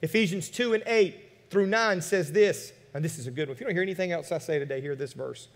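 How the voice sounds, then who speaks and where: Male pastor, high voice, animated sermon delivery with rhetorical questions, long church reverb. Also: quick pace. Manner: animated, rhetorical questions, shifts between loud emphasis and quiet asides. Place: church sanctuary.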